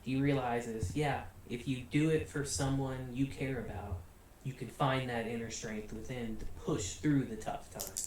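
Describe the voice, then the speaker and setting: An American man hosting a casual anime review, chatty and relaxed, laughing often and filling gaps with "you know" and "like". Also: mid-range voice, a little slow, distant mic. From United States. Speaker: anime reviewer, channel host. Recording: very echoey room, voice off-mic, faint hiss.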